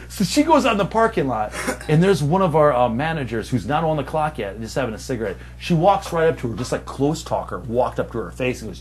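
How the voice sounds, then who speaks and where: A young man, a server and podcast co-host, telling a profane story and acting out customers in sudden high, loud bursts. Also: fast, slight background noise. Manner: animated, profane, acts out customers in raised voices. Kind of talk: casual storytelling chat.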